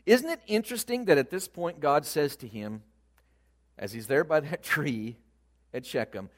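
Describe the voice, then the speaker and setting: A man preaching a sermon, speaking with animated emphasis that rises and falls in loudness. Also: fairly high pitch, moderate pace.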